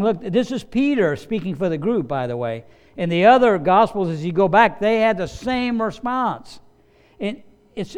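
A man's voice: high voice, expressive, normal speed, a little mellow, smooth. A man preaching a sermon as pastor, emphatic and repeating key phrases for weight.

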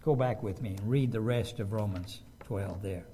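A man's voice: fairly low pitch, moderate pace, warm tone, a little hiss or hum. A man preaching a sermon, reading scripture aloud and stopping to ask his listeners emphatic rhetorical questions. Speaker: pastor.

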